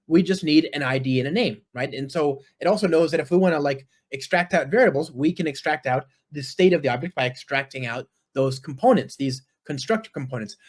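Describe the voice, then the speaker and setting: A man giving a live-coding tech talk at a conference, chatty and enthusiastic, often checking in with the audience. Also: a little high. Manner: chatty, frequent tag questions. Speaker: conference speaker.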